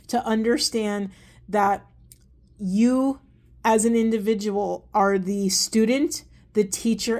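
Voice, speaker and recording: Earnest, gentle woman card reader. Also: mid-range voice. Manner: gentle, earnest, rambling with self-corrections; soft and hushed while reading cards. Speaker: tarot and oracle card reader. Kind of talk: spiritual card reading vlog.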